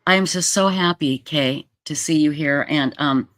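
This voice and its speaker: A livestream host chatting casually and reading viewer comments aloud, emotional and halting, with many fillers. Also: medium pitch, fairly bright tone, no room sound, studio quality.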